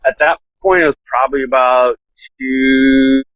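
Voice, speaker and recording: A man's voice: medium pitch, steady tone, unhurried, fairly bright tone, no room sound, poor audio. A man telling a story in a casual, laid-back way, full of "like" fillers and laughing now and then. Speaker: podcast guest, SWAT officer.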